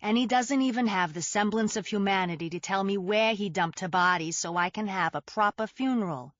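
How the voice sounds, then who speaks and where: A woman voicing a grieving widower who speaks calmly and bitterly. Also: mid-range voice, no room sound, muffled recording, lightly acted. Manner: calm, measured, bitter.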